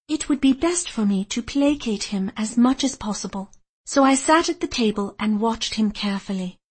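Husky-voiced woman narrating a novel. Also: a little high, lively intonation, moderate pace. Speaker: audiobook narrator. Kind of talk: first-person storytelling narration.

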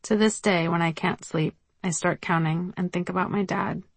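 A woman's voice: lowish voice, fairly even intonation, moderate pace, husky, dry recording. A woman reading her own memoir aloud in a wry storytelling manner. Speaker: memoir narrator. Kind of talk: audiobook narration.

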